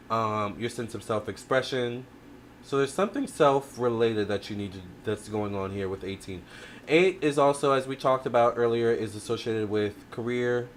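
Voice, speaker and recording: A man in a mid-range voice hosting a casual tarot livestream, reading viewer comments aloud and answering them. He talks in a chatty, expressive way, with plenty of fillers and restarts, and he keeps checking in with the audience. A faint hiss sits behind his voice. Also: mid-range voice. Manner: addresses viewers directly with frequent "all right?".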